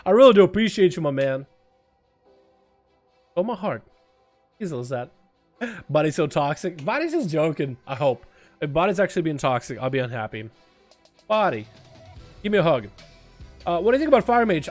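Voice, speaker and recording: Excitable high-voiced man streaming games. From Russia. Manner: excitable, swearing, drops quiet then bursts loud. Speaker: game streamer. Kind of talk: casual gaming livestream chat.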